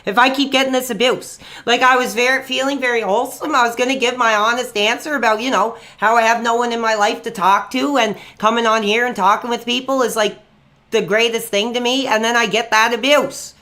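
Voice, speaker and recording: A man hosting a livestream and taking calls, chatty and excitable, quick to flare up. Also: very high voice. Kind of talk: casual call-in chat.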